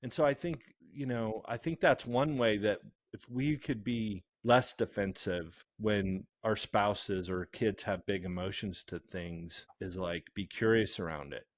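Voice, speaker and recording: A man speaks as a podcast guest in a low voice, working through his thoughts and often restarting a sentence. His tone is reflective and casual. The sound is close and dry. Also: no echo. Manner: reflective, halting, with repeated restarts. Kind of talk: casual conversational podcast talk.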